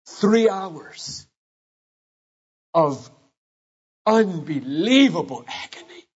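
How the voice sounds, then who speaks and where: Preacher, man in his fifties, husky, slow, dull lo-fi sound. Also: fairly high pitch, lively intonation. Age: 50s. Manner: builds from a quiet storytelling tone to shouted passion. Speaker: pastor. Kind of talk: sermon.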